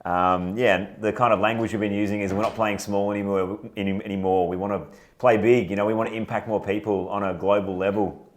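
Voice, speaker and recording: A man co-hosting a casual chat, energetic and growing louder when he gets enthused. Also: fairly low pitch, brisk. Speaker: co-host, trainer.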